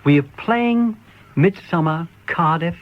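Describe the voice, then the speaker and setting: Older man telling lively stage stories. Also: fairly high pitch, takes it slowly. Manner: lively storyteller who acts out the characters. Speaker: guest entertainer. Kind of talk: reminiscing radio chat. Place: radio studio. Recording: muffled old radio broadcast with faint hiss.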